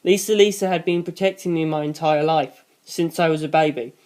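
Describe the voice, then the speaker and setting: A channel host reading a novel aloud in the first person, with dry, deadpan asides. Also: medium pitch, fairly quick.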